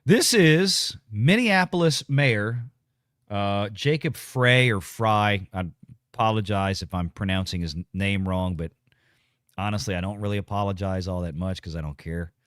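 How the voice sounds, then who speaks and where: A man's voice: fairly low pitch, moderate pace, fairly bright tone, no echo, clean studio sound. A man hosts a casual political commentary livestream, blunt and ranting as he reads viewer comments. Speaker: show host reading super chats.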